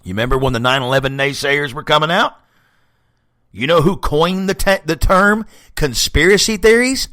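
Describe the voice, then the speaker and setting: A man's voice: on the high side, moderate pace, pushed and bright, no echo, clean studio sound. A man hosting a podcast, delivering a profane, blunt ranting monologue and laughing often. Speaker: podcast host.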